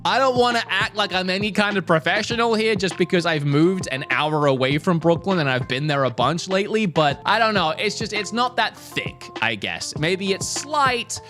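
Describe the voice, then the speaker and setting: A young man streams casual, energetic commentary reviewing a movie trailer, lively and animated, restarting his sentences often. His voice sits high and moves at normal speed with hardly any pauses, and faint music plays behind him.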